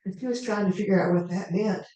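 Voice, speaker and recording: A woman storyteller telling a tale in the first person as a character, in an unhurried, conversational way with asides to the audience. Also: mid-range voice, dark tone. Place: live performance venue. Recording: echoey hall, mic far off.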